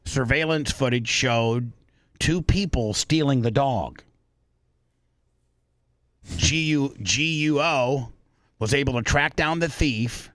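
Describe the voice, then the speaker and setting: Male talk-show host, mid-pitched, chatty storyteller who stumbles and repeats, close dry studio sound. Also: a bit bright, dry recording. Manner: retelling a news story with frequent repeats and restarts. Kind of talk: casual talk-show chat.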